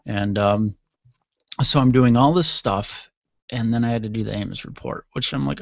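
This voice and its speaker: Speaking at a normal pace in a creaky, medium-pitched voice, a weary radio host yawns as he tells a wandering story that pokes fun at himself. It's a casual monologue recorded on a studio microphone, lo-fi, dull and dry with no room sound.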